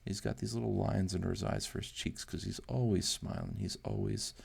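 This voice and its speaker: Gravelly man rambling while he draws. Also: fairly low pitch, steady tone, brisk. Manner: thinks aloud, unsure and self-deprecating. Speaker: amateur artist hosting a drawing channel. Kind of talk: casual rambling while drawing.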